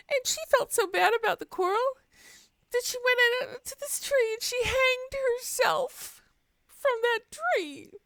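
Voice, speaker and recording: A woman's voice: a bit bright, dry recording, full character voice. A woman voicing a grieving middle-aged man who sobs and whimpers as he tells his story. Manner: whimpering, tearful, high and wavering. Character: grieving middle-aged man sobbing over dead wives.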